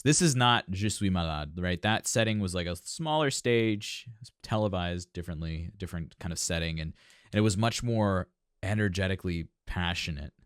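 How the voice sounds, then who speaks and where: Deep smooth-voiced male vocal coach. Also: no echo, studio quality. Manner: explains technique analytically, thinks aloud. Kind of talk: music reaction commentary.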